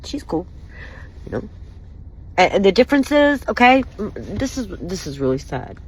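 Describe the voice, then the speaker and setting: A woman vlogger vents straight to the camera about personal hurt, angry, wounded, and profane. Her mid-range voice is very animated at a moderate pace, on a low-quality recording.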